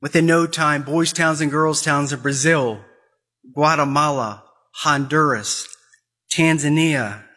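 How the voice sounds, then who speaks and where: A man's voice: fairly high pitch, takes it slowly, bright, forceful tone. A man giving an impassioned Catholic talk, repeating phrases and pressing urgent questions. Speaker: Catholic speaker.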